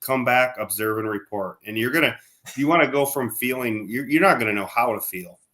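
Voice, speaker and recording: A man's voice: medium pitch, a little fast, bright, forceful tone. A man co-hosting a podcast, talking in casual chat with insistent emphasis. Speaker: podcast co-host.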